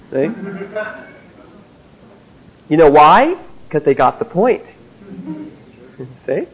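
A man's voice: on the high side, very animated, extremely slow, long pauses, husky. A man teaching a theology class in an emphatic way, often checking in with his listeners by asking "see?". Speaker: Bible teacher. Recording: dull lo-fi recording.

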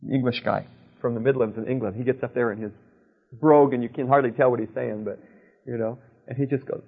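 A man's voice: medium pitch, fairly even intonation, fast, vocal fry, slightly rough. A male Christian preacher giving a teaching talk, telling anecdotes and checking in with his listeners with "okay?". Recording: narrow, tinny phone-like sound.

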